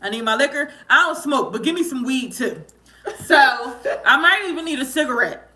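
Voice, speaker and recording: Woman, co-host, comic storytelling, animated, laughing, bright forceful voice, fairly high. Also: moderate pace, a little hiss or hum. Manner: animated, laughing, dramatic exaggeration. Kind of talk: comedic storytelling chat.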